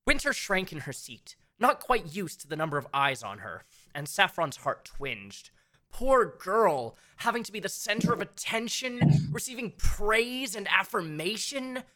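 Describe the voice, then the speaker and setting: A woman's voice: medium pitch, very animated, measured pace, fairly bright tone. A woman narrating a fan fiction story aloud in a wry, playful way.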